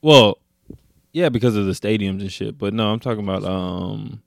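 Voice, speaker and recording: A young man co-hosting a casual podcast chat, animated, acting out quotes with sudden high-pitched outbursts. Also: normal speed, vocal fry, no room sound, clean studio sound. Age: young adult. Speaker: podcast co-host.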